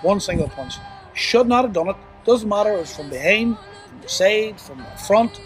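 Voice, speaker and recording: Remorseful man, halting speech. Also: lively intonation, soft background music. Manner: halting, full of "you know" and restarts; remorseful, low and subdued. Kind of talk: personal confession interview.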